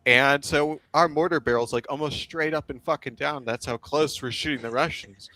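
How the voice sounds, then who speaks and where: A man, a volunteer soldier, telling war stories in a blunt, profane, wryly dark-humored way on a casual stream. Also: a little high, moderate pace, no room sound. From United States. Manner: profane, blunt, heavy swearing. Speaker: guest, foreign volunteer soldier.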